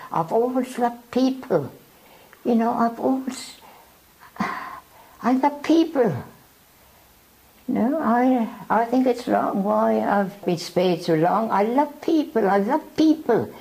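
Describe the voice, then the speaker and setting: A woman over a hundred years old, from South Africa, giving an oral history interview, speaking haltingly and often repeating herself. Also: medium pitch, a little mellow, low-quality recording. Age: over 100.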